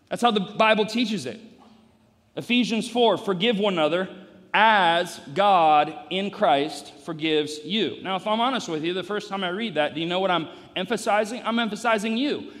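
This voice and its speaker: A male pastor delivering a sermon, emphatic and repetitive, rising to loud peaks in a church. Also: high voice, big-room sound. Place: church sanctuary.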